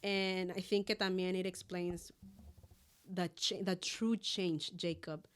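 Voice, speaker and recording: A woman's voice: lowish voice, fairly even intonation, takes it slowly, smooth. A young woman co-hosting a podcast, chatting casually and switching between English and Spanish as she retells a story with animation. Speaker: podcast co-host. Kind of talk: casual chat.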